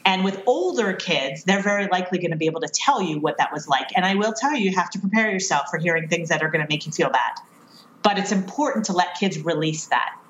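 A woman's voice: lowish voice, animated, fast, hardly any pauses, a bit bright, dull audio, a little hiss or hum. Woman explaining parenting strategies, roomy sound. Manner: earnest, self-deprecating, laughs at herself. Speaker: parenting expert guest.

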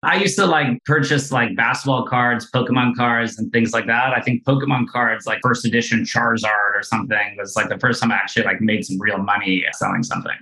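A man answers quick questions in a relaxed, chatty style, full of casual fillers. His voice is bright. The room around him sounds roomy and echoey. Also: medium pitch. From South Africa. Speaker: guest, venture investor. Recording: roomy echo.

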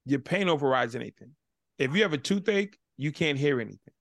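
A man who is the guest on an interview podcast, telling stories in a casual, animated way and acting out both sides of each dialogue. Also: fairly high pitch, a little fast, creaky, no echo. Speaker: guest, motivational speaker.

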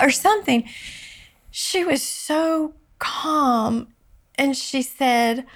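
A woman tells a personal story on an interview show at a slow, deliberate pace. Her voice carries a gravelly fry and a soft, tearful quality. It sinks low when she is moved. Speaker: guest.

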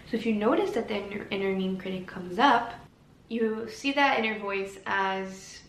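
A woman speaking as a self-help podcaster in a gentle, encouraging monologue, slowing down to stretch key words. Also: mid-range voice. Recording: roomy with faint background noise.

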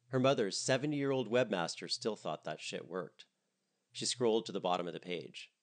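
A man narrating a comedic story in an expressive, animated reading style. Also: deep voice.

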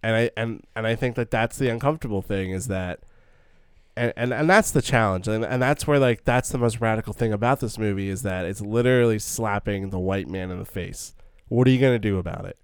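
A man's voice: fairly low pitch, a little fast, smooth, no room sound, studio quality. A man co-hosting a casual film discussion, earnest and thinking aloud with many stumbling restarts. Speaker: podcast co-host.

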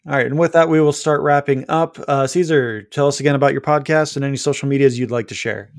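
Male podcast host, monotone, dryly joking; medium pitch, dry booth sound. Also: fast talker, dry recording. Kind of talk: casual chat.

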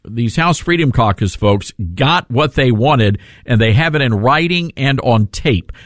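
A man's voice: medium pitch, fairly bright tone, no room sound. A man hosting a political talk radio show, indignant and joking with callers and his studio crew. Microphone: studio microphone.

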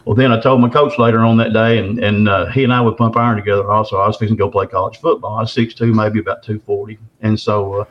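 A man's voice: lowish voice, level tone. A man, telling a long story as an interview guest in a folksy, rambling way. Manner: drawn-out, folksy, frequent restarts. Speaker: interview guest recounting an encounter. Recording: dull lo-fi recording.

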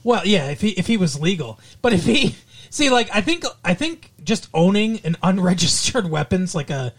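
Animated man recapping a show, lively pitch. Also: normal speed. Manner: animated, acts out scenes in loud silly voices, laughs often. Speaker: podcast co-host. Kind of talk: casual chat recapping a TV show.

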